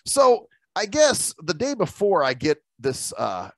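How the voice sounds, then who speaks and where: A man co-hosting a loose podcast chat, telling a gripe story with plenty of swearing and laughs. His pitch jumps around a lot as he acts out other people. The sound is dry and close, with no room echo. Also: wildly swooping pitch, measured pace, a bit bright. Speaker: podcast co-host. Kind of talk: casual chat.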